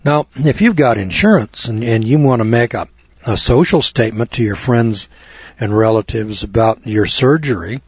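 Husky-voiced folksy male lecturer. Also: medium pitch, normal speed, dry recording. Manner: folksy, emphatic, repeats words for stress. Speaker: health lecturer. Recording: dull lo-fi recording.

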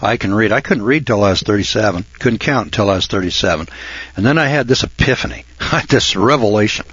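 A man in his sixties hosting a radio program, talking in a folksy, cocky monologue that swings from low mutters to loud shouts. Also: a little fast, breathy edge, no room sound. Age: 60s. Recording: dull lo-fi dry recording.

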